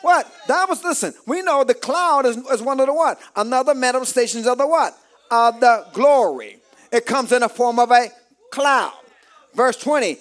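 A man preaching a call-and-response sermon, shouting rising phrases and calling out to the congregation for amens. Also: very high-pitched, lively intonation, normal speed.

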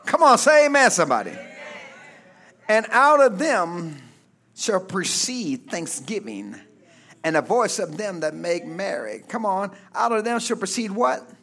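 Fiery high-voiced man preaching a sermon. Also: big pitch swings, unhurried. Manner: fervent call-and-response preaching, often shouting; reads scripture aloud, then explains it. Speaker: pastor.

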